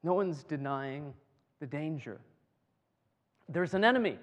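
A man with a high voice preaches at a slow, deliberate pace, stopping to joke with his congregation and repeating words as he drives each point home. His voice rings with a long reverb, as if he is in a large church hall. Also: expressive. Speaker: pastor. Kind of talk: sermon.

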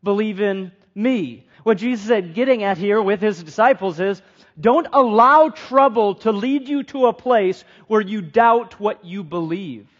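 A man preaching a sermon in an earnest way, putting questions to the congregation and repeating phrases for emphasis. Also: high-pitched. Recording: dull lo-fi sound.

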